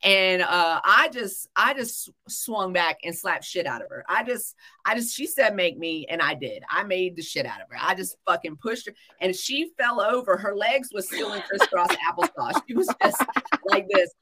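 A woman's voice: mid-range voice, very animated, normal speed, pushed and bright. A young woman telling a story in a casual podcast chat, blunt and full of profanity. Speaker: podcast co-host.

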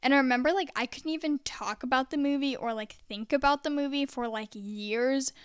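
A woman's voice: high-pitched, fairly quick, clean tone, no echo, studio quality. A young woman vlogger telling a personal story in a casual, chatty way, filling her sentences with "like". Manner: chatty, heavy use of "like".

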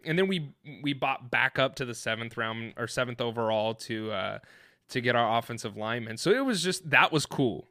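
A man tells a story on a casual podcast, rambling and worked up, often restarting his sentences. His voice is bright and sharp, sitting in a middle register. The sound is dry and close, with no room around it. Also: medium pitch, moderate pace, no echo. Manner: excited, rambling, with many restarts and fillers. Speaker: podcast co-host. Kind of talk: animated storytelling in casual chat.

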